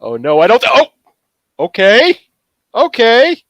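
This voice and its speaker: A man's voice: extremely high pitch, huge pitch swings, takes it slowly, a bit bright, no room sound, muffled recording. Joking man in a tabletop game. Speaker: player. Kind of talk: casual chat.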